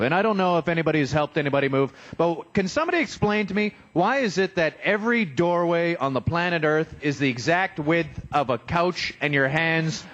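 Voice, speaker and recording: A man's voice: fairly high pitch, a bit bright, highs cut off. A young man doing a self-deprecating stand-up comedy set in a restaurant, acting out voices as he goes. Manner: self-deprecating, joking, acts out quoted voices. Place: restaurant stage, live.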